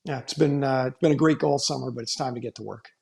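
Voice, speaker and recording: A man co-hosting a sports podcast, bantering in a relaxed, halting way. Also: medium pitch, vocal fry. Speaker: podcast co-host. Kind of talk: casual sports podcast chat.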